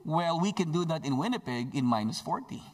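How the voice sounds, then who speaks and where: A man's voice: fairly high pitch, lively intonation. Emphatic male pastor preaching. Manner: emphatic with drawn-out phrases and joking asides. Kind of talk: sermon.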